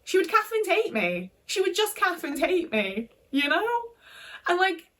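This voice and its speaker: A woman's voice: very high voice, sing-song, moderate pace, sharp tone, recorded from a distance. A young woman from the UK telling a personal story in casual talk, frank and full of swearing and filler words. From United Kingdom. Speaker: vlogger.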